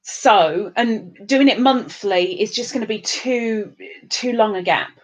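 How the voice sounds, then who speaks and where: A woman's voice: medium pitch, slow pace. An English woman hosting a live stream, chatting casually and rambling with restarts as she reads out viewer comments. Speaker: livestream host.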